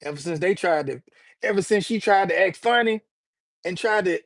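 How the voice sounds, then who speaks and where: A middle-aged man runs a casual live stream, talking straight to his chat in a loose, joking manner full of slang. His voice sits a little higher than most men's, and the sound is close and dry. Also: normal speed, no echo. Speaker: livestream host.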